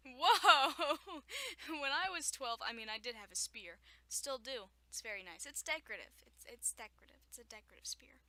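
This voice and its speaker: A woman's voice: fairly high pitch, expressive, a little fast, hardly any pauses, sharp tone, no room sound. A young woman at home reading a children's story aloud, often stopping to joke, laugh and make sarcastic asides. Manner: frequent laughter and stumbles. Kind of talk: reading aloud with running commentary.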